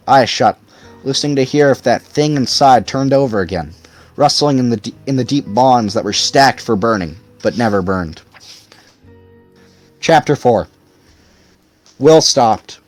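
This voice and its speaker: A man's voice: mid-range voice, animated, a little slow, pauses often, a little mellow, faint music behind. A man reading a novel aloud expressively as audiobook narrator. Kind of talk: scripted narration.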